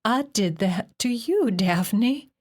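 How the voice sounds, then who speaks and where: A woman voicing a gentle, worried middle-aged mother who speaks softly and tearfully, near a whisper. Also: mid-range voice, animated, a little slow, breathy edge. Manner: soft, tearful, hushed.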